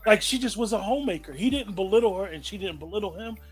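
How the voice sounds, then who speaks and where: A man's voice: high voice, expressive, fast talker, soft background music. A man hosting a casual group discussion, reflective and thoughtful, often restarting sentences as he thinks.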